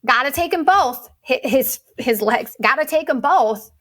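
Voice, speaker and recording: A woman mimicking a brusque, blunt female surgeon, curt and matter-of-fact, pitched above her own voice. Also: expressive, unhurried, fairly bright tone, full character voice.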